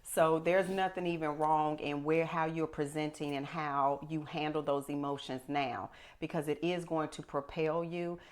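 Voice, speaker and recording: A middle-aged woman hosting a podcast, telling stories in an animated, emphatic way. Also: deep voice, normal speed, few pauses. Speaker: podcast host. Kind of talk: casual chat.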